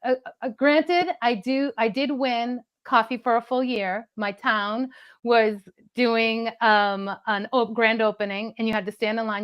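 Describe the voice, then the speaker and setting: A woman's voice: on the high side, a bit bright, rough recording. A middle-aged woman, a comedian co-hosting, rambling and laughing as she bickers with her husband. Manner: chatty, giggly, rambling storytelling. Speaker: comedian co-host. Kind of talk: comic bickering chat.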